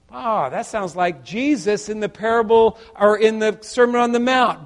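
A middle-aged man preaching a sermon, earnest and halting, full of restarts and repeated words, putting questions to his listeners. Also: sits high, lively intonation.

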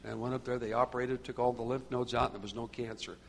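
A man's voice: mid-range voice, little pitch movement, quick pace, creaky, a little hiss or hum. A middle-aged man leading a church small group, talking conversationally and growing fervent and preachy, often repeating phrases. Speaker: group leader.

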